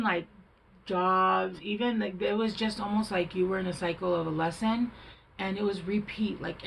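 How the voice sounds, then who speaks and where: A woman's voice: mid-range voice, vocal fry, slight background noise, rough recording. A woman doing a casual tarot reading, chatty and rambling, thinking aloud with fillers, recorded at home on a camera mic. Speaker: tarot reader.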